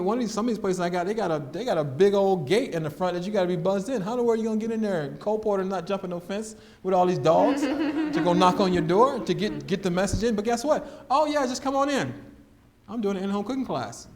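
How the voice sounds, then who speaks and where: A man giving an animated storytelling testimony as guest speaker, acting out the voices in his story and laughing often. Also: high voice.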